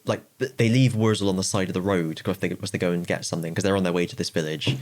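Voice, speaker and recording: A man's voice: deep voice, fairly even intonation, fast. A man co-hosting a casual podcast chat, laughing often and retelling comedy scenes. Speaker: podcast co-host.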